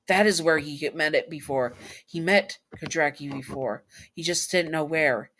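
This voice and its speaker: A woman's voice: deep voice, fairly bright tone. A woman casually reading fan fiction aloud, stumbling over words and apologizing as she corrects herself. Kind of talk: casual story read-aloud.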